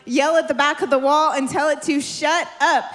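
High-voiced woman preaching with passion. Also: steady tone, normal speed. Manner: impassioned, repetitive, building to shouts. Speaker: preacher giving prophetic words. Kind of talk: charismatic sermon. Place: church service in a warm room.

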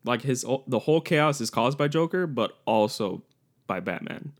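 A man's voice: medium pitch, animated, moderate pace. A young man co-hosting a podcast, chatting casually and rambling, laughing often. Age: young adult. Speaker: podcast co-host. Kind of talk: casual chat.

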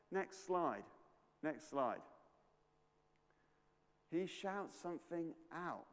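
A playful, energetic man tells a Bible story and draws his young audience into the action. His voice sits a touch high and moves up and down with a lot of life. The sound rings out with the long reverb of a large hall. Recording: echoey hall.

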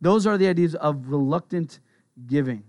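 High-voiced man preaching conversationally. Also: animated, a little mellow, no room sound. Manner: conversational, earnest preaching with quick asides. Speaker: pastor. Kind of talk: sermon.

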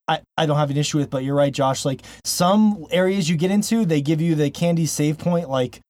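A man's voice: on the high side, fairly quick, a little mellow, no room sound. A man co-hosting a casual gaming podcast, rambling and laughing, often restarting his sentences. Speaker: podcast co-host. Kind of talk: casual chat.

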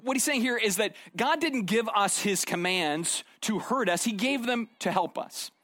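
High-voiced preacher, dry close sound. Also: male voice, lively intonation, normal speed, pushed and bright, no echo. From Arizona. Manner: conversational storytelling, frequent "right?" tag questions. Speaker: pastor. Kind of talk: sermon.

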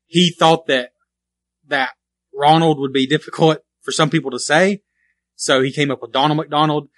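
A man's voice: on the high side, steady tone, moderate pace, no room sound. A man co-hosting a casual podcast about retro video games, rambling and correcting himself as he goes, often laughing. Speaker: podcast co-host.

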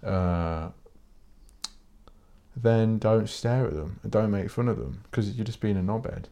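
A man's voice: on the low side, measured pace, dark tone. A British man hosting a solo podcast, ranting in a blunt, sweary, rambling way with frequent restarts. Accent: British English. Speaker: podcast host. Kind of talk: casual solo podcast rant.

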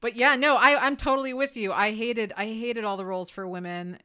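A woman co-hosting a casual chat, telling school stories with animated energy and frequent laughter. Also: fairly high pitch, a little fast, clear, resonant tone. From Brooklyn, New York.

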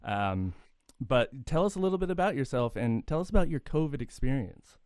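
A man's voice: mid-range voice, expressive, fairly quick, darkish tone, no room sound, clean studio sound. A podcast host telling jokes in a casual chat, rambling through his stories and laughing at his own punchlines. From Irish heritage.

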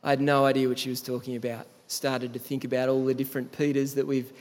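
A man's voice: mid-range voice, flat delivery, quick pace, a little mellow. A man preaching a sermon as a pastor, telling the story in a conversational way. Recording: long hall reverb.

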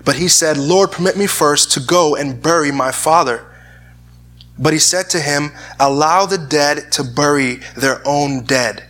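A man's voice: a little high, a little slow, fairly bright tone. A man preaching a sermon and reading scripture aloud, earnest in tone, often repeating words as he searches for the phrasing. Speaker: pastor.

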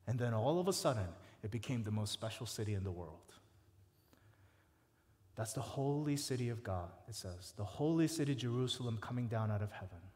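A man preaching a sermon, stacking words with rising force and dropping soft and low for quoted laments. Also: lively intonation, a little fast. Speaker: pastor. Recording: reverberant hall.

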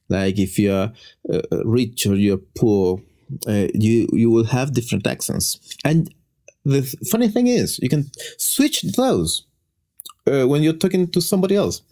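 A man from Chile with a Chilean Spanish accent, a native Spanish speaker, explaining in casual podcast chat with lively jumps in pitch.

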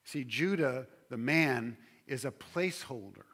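A man's voice: medium pitch, animated, measured pace, fairly bright tone. A male pastor preaching a sermon, building emphasis and stretching key words.

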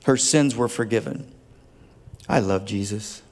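Speaking at a measured pace, a man with a fairly low, slightly mellow voice delivers a sermon as a pastor. He's tender and earnest, rising now and then to fervent emphasis, all in a long hall reverb.

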